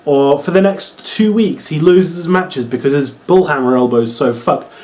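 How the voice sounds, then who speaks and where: A young man from England with a Norwich accent, rambling excitedly and swearing as he reviews a wrestling show. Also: fairly high pitch, normal speed. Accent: Norwich English. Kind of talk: casual video review.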